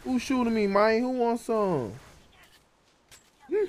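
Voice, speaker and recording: A young man in his twenties streaming a shooter game, trash-talking his opponents with excitable outbursts and chanting the same catchphrase over and over. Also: extremely high pitch, slow pace. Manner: excitable trash talk with loud repeated chants. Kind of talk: live gameplay commentary.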